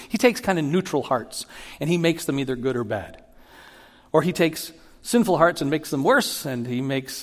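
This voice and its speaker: Man preaching in a reverberant hall. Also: a little high. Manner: animated teaching, acts out Bible quotes with rising emphasis. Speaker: pastor. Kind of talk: sermon.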